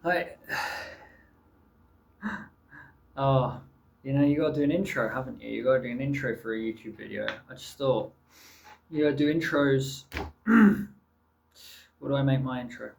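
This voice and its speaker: A man's voice: mid-range voice, moderate pace, creaky, pauses often, slight background noise. A man in a casual, rambling vlog monologue, talking offhand and swearing freely. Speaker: YouTuber.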